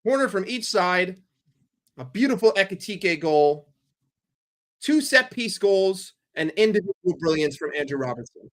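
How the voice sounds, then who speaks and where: A man streaming a football watchalong, calling the play for his chat in a blunt, profane, excitable way. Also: high-pitched, unhurried. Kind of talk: live play-by-play commentary for a chat.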